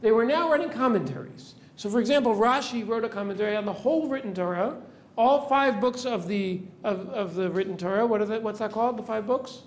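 A high-voiced man, a rabbi, lectures his class at a brisk clip while a little hiss or hum runs underneath. He breaks the material into steps, poses questions to the students, and checks in with "right?" almost every time he makes a point.

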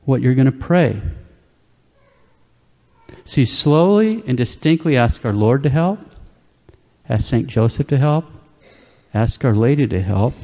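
A man preaching a sermon in a calm, plain-spoken way, checking in with his listeners with a quick "okay?" as he explains. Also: mid-range voice, big-room sound.

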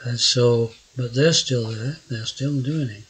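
A man's voice: medium pitch, a little slow, background noise. An older man with a South Yorkshire accent, narrating his nature vlog in a casual, rambling way, hesitant with frequent fillers and restarts. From South Yorkshire, England. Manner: gruff-sounding. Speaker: naturalist vlogger.

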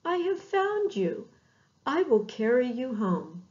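Woman doing kind shepherd man, comforting, lively rising and falling voice, muffled lo-fi sound. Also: sits high, takes it slowly, full character voice. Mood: tender. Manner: gentle, comforting calls. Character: kind male shepherd, calm and reassuring. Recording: dull lo-fi recording.

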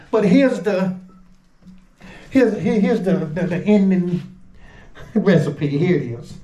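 A man, from Georgia, chatting casually to camera while showing off home cooking. He talks in an excitable, exclaiming way. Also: high-pitched, slow, long pauses, echoey room, a little hiss or hum. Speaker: home cook vlogger.

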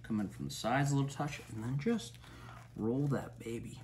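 A man's voice: medium pitch, normal speed, darkish tone, a little hiss or hum. Hyped, cursing cooking-show man. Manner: loose, swearing, hyped-up kitchen banter. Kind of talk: casual cooking demonstration. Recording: roomy sound, mic at a distance.

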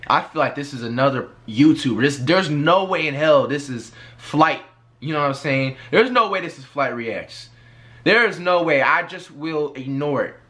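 Guy reacting to his old clip, chill and reflective, keeps saying you know what i'm saying, kinda bright voice. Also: a little high, expressive, moderate pace. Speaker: reaction channel host. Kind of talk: casual reaction commentary.

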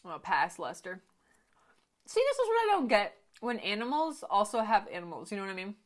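Woman, movie reaction commentary, animated rises and falls, chatty, muttering asides. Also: mid-range voice, brisk. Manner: chatty, thinks aloud, drops to quiet murmurs. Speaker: reaction video host.

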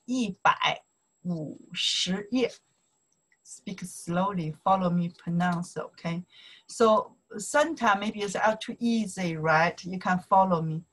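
Mandarin-native woman tutor with a Chinese accent, unhurried and a little breathy, drilling phrases over and over. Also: mid-range voice, a bit bright, low-quality recording. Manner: slow, repetitive, drills pronunciation in Mandarin and broken English. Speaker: Chinese language teacher. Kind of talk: casual online language lesson.

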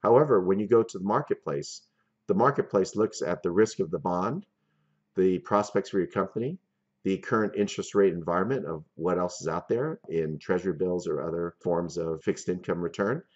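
A man with a very low voice lectures on finance and walks through each example step by step. The recording sounds dull and lo-fi. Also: lively intonation, moderate pace. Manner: methodical, explains step by step with worked examples.

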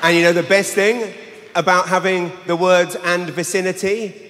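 A man's voice: sits high, level tone, normal speed, fairly bright tone. A man with a London English accent doing a brash, sweary stand-up set live in a large arena on a handheld mic. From England. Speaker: stand-up comedian. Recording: live arena with long reverb, faint hum.

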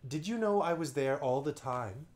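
A man's voice: fairly high pitch, expressive, moderate pace, darkish tone, voice pushed up, natural voice. A man voicing a curious young girl. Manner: earnest, questioning. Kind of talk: bedtime story reading.

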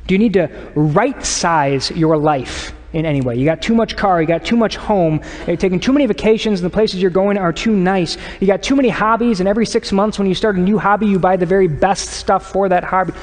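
Man, pastor, sermon, slightly high voice, earnest and conversational, long church reverb. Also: brisk, hardly any pauses. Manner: earnest, conversational preaching that drops to hushed tones. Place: church sanctuary.

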